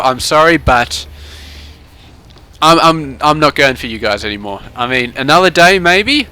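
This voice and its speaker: A man casts a strategy game replay in a loose, sarcastic commentary style. His voice sits a little high and sounds bright and forceful. He keeps things casual and chatty. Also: clear, resonant tone. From Australia. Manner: laid-back, sarcastic, keeps tagging lines with "man". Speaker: game caster.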